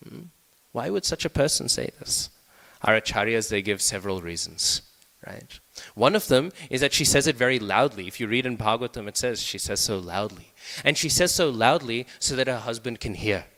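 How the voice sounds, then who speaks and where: A man's voice: mid-range voice, lively intonation, brisk, sharp tone. Man in a reverberant temple hall. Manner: conversational, often asks "right?" to the listeners. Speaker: speaker giving a scripture class. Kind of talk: scripture class talk.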